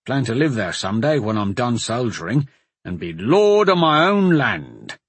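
A man's voice: mid-range voice, big pitch swings, moderate pace, husky, no room sound. A man voicing a blunt, skeptical male soldier in a fantasy audiobook. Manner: blunt, grumbling then encouraging.

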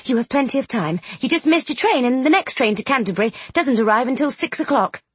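A woman voicing an eager, bossy young woman in an audiobook, brisk and excitable, high and lively. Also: slightly rough, dry recording, full character voice. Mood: excited.

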